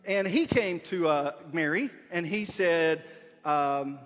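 Man, high voice, playful and encouraging, reads the story and directs the volunteers, big echoey room. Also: slow, a bit bright, faint music behind. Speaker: leader of a children's skit. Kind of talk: reading a story aloud while directing volunteers. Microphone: wearing a body mic.

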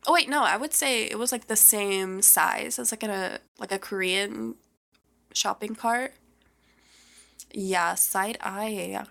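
A young woman co-hosting a podcast, gossiping casually, saying "like" constantly, with excitable gasps and squeals. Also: mid-range voice, slow pace, vocal fry. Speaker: podcast co-host.

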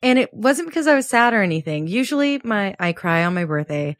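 Woman, late 20s, co-host, chatty storyteller, laughs a lot, middle pitch, dry close mic. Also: sing-song, a little fast, no room sound. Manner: chatty, laughs often, acts out quotes with a jump in pitch. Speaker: podcast co-host. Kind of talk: casual chat.

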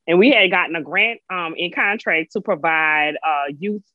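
A woman's voice: lowish voice, normal speed, no room sound, phone-quality sound. A woman from Louisiana with a Louisiana accent, telling her story as a podcast guest in a folksy, laughing way. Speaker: guest, business owner. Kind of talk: casual interview chat.

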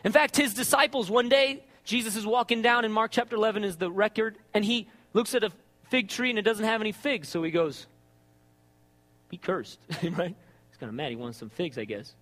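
A man preaching a sermon in an animated, conversational way, often checking in with "right?". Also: sits high, a little fast, big-room sound.

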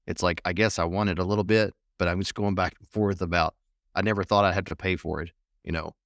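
A man's voice: deep voice, steady tone, quick pace, fairly bright tone, no echo, clean studio sound. A man co-hosting a podcast in casual chat, talking hesitantly with restarts. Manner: hesitant, restarts, laughs easily. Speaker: podcast co-host.

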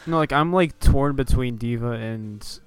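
A man's voice: medium pitch, unhurried, smooth, faint music behind. A young man on a casual gaming podcast, speaking hesitantly with many ums and restarts.

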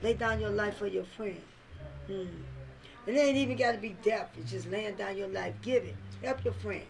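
A woman co-hosting a lively Christian radio Bible study, emphatic and repeating her phrases in call-and-response style. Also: mid-range voice, normal speed, creaky, low-quality recording. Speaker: radio Bible teacher, co-host. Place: radio station studio.

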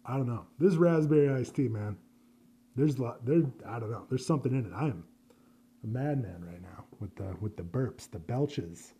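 A man hosts a solo podcast in loose, rambling talk, swearing freely and poking fun at himself. His voice is mellow and slightly husky, sitting at an ordinary middle pitch. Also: animated, normal speed. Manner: rambling, profane, self-deprecating. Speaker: podcast host. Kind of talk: casual solo podcast chat.

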